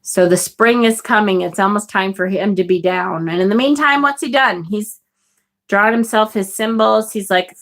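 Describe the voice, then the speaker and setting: During her live tarot broadcast, this host reads out what viewers type and chats eagerly, dropping casual swear words. Her mid-range voice is a bit bright and keeps a moderate pace.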